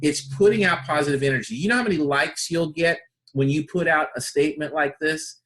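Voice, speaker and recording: A man's voice: on the high side, brisk, fairly bright tone, a little hiss or hum. A man teaching a personal development training session, enthusiastic and full of rhetorical questions and repeated phrases. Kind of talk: instructional talk.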